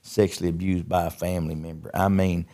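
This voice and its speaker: A man's voice: deep voice, little pitch movement, brisk, warm tone. A middle-aged man, a podcast guest telling his life story in a folksy way and often repeating words. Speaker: podcast guest, recovery ministry founder. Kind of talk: casual testimony storytelling.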